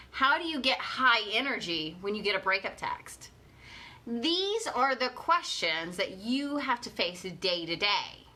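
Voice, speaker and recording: A woman's voice: mid-range voice, pushed and bright. A young woman coaching viewers live in a chatty way, repeating her questions and answering their comments. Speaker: life coach. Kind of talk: live motivational coaching talk.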